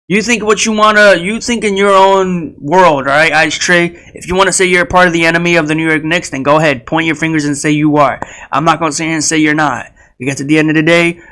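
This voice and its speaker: Bright-voiced young man rambling about basketball. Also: a little high, rough recording. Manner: rambling, with fillers and repeated phrases; speaks directly to players and fans. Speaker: sports video creator. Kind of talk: casual sports prediction talk.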